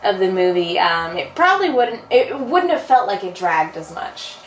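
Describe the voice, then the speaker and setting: A woman's voice: medium pitch, sing-song, moderate pace. A woman in her twenties or thirties co-hosting a casual movie review show, chatting with fillers and frequent laughs. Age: 20s or 30s. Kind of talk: casual chat. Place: in a car. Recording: roomy, distant, faint background hum.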